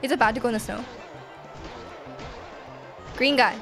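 A high-pitched woman streams a game live, cheering and laughing as she plays and reads out chat messages. Faint game music plays behind her voice. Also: moderate pace, long pauses. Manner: excitable, reads chat aloud, laughs often.

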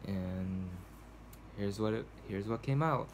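In a cold house, a man vlogs to the camera for a casual journal, his talk hesitant and meandering with many fillers and restarts. He takes it slowly in a lowish, slightly mellow voice, over a little hiss or hum.

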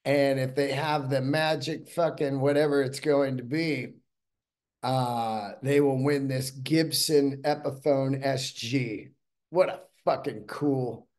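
A man hosting his own podcast solo, rambling along in a casual, profane, enthusiastic way. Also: mid-range voice. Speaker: podcast host.

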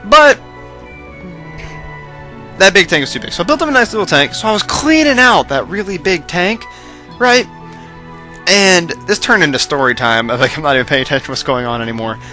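A young man rambling casually over his gameplay footage, self-mocking and prone to excited outbursts, his voice tiring late at night. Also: on the high side, fast, faint music behind. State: voice going hoarse late at night. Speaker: let's play host.

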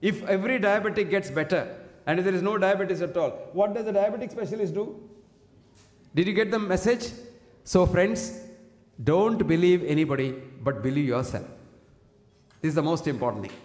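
High-pitched older man lecturing. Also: moderate pace, long pauses, a little mellow. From India. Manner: emphatic and preachy, quotes Sanskrit verses. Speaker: doctor giving a health talk. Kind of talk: public health lecture. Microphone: single fixed microphone. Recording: echoey hall with long reverb.

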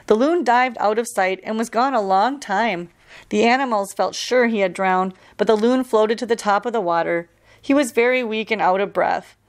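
A woman reads a storybook aloud for children, calm and steady, each sentence clear and unhurried. Her pitch sits in the middle range, plain and even. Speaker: park ranger reading a story.

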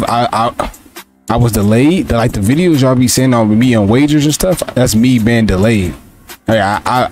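A man's voice: on the low side, darkish tone. A young man giving live commentary over his own video game, frustrated and repeating himself as he talks to his players and his viewers. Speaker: gaming streamer.

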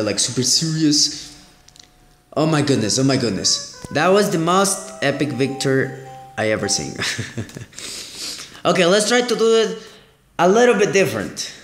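A man hosting a gaming channel, commenting excitedly on a mobile game, exclaiming and repeating his phrases. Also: medium pitch, reverberant.

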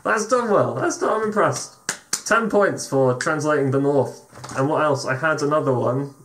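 A man's voice: a little high, moderate pace, fairly bright tone, a little hiss or hum. A man hosting a casual tech tutorial, chatty and joking as he walks through examples. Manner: joking, chatty, swears freely. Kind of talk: casual screen-share tutorial.

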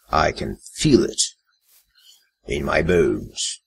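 A man's voice: deep voice, slow pace, pauses often, a little hiss or hum, rough recording. A man giving casual gameplay commentary, muttering his thoughts aloud to himself. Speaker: let's play gamer.

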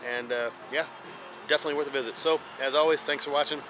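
In a low-quality recording with background music, a man with a Midwest American accent rambles through a casual travel vlog, using fillers and correcting himself, tired and puffing from walking uphill. His voice is fairly high and fairly even, at a quick pace. Street and traffic noise surround him on town streets and a hilltop.

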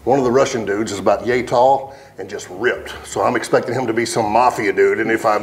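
A man's voice: on the low side, steady tone, a little fast. A man telling loose, laughing stories and swearing freely as a guest, chatting casually while playing golf outdoors. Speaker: country singer, interview guest. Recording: faint music under the talk.

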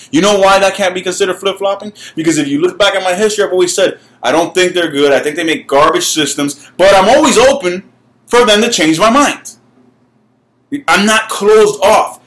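A man with a slightly high voice rants to his camera about gaming, heated and profane. He swears freely and stumbles over repeated words when he gets worked up. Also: lively intonation, a little fast, a bit bright. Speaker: gaming YouTuber. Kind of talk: ranting vlog.

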